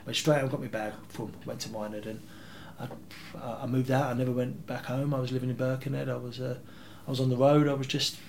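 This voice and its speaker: A man, telling rambling, animated anecdotes as an interview guest. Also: mid-range voice, fast, hardly any pauses, slight background noise. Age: 30s. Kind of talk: casual interview storytelling.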